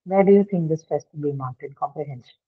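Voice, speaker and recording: A woman's voice: low voice, fast talker, slightly rough. A woman teaching English pronunciation in a class, explaining patiently step by step and often checking with her students. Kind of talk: online classroom lecture. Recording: tinny phone-like line.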